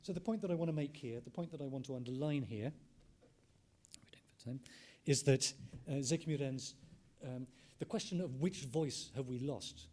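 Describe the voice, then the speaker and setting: A middle-aged man, an ethnomusicologist, giving a measured conference lecture, thinking aloud and restating his phrases with frequent ums. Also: medium pitch, a little mellow.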